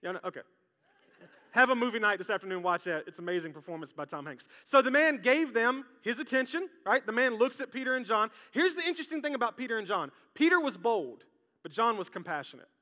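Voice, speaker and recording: A man preaching a sermon as pastor, lively and joking, talking straight to his congregation. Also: very high voice, quick pace. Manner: lively, jokey, talks straight to the crowd. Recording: long hall reverb.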